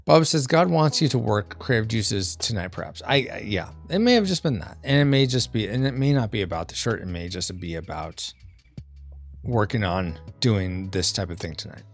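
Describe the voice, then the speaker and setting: A man hosting a casual art live stream, thinking out loud as he works, reading chat messages and making playful sound effects. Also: on the low side, lively intonation, moderate pace, faint music behind. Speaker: streamer and podcast host.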